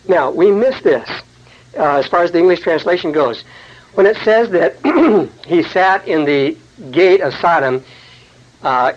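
A man's voice: fairly high pitch, highs cut off. A man teaching the Bible verse by verse, explaining scripture in a conversational way with folksy asides.

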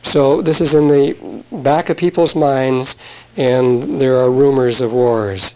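A man's voice: medium pitch, fairly even intonation, takes it slowly, mellow, lo-fi sound, slight background noise. A man, a pastor, teaching verse by verse from the Bible in a conversational, explanatory way with asides to his congregation, recorded on an old sermon tape.

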